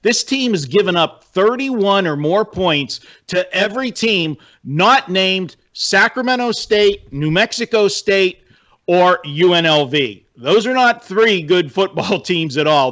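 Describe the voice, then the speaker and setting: A male sports handicapper breaks down games in a chatty, wry way, with fillers throughout. His voice sits a bit high, and the audio is dull and lo-fi. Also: expressive, measured pace, fairly bright tone. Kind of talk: casual sports betting analysis.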